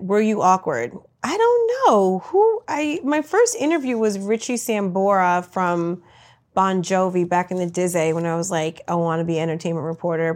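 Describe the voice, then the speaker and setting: A woman comedian answering rapid-fire interview questions with brash, crude, self-mocking punchlines. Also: lowish voice, darkish tone.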